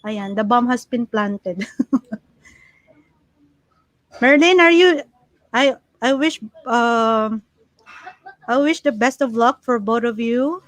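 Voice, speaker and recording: This livestream host, a chatty Filipino woman with a fairly high voice, giggles and code-switches while going through viewer comments. She takes it slowly with long pauses, and the low-quality recording has no room sound.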